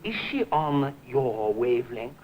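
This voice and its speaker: A caddish middle-aged charmer, full of clipped, jaunty patter. His voice leaps up and down with lively swings of pitch. It comes through a hissy old television soundtrack. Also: unhurried, muffled recording. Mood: breezy, scheming. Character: caddish middle-aged English ladies' man, breezy schemer. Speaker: comic lead. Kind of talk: 1960s studio sitcom acting.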